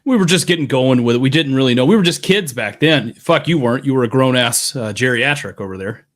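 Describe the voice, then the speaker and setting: A man's voice: medium pitch, lively intonation, quick pace. A man co-hosting a casual sports podcast on a headset, laid-back and joking, swearing freely. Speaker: podcast co-host.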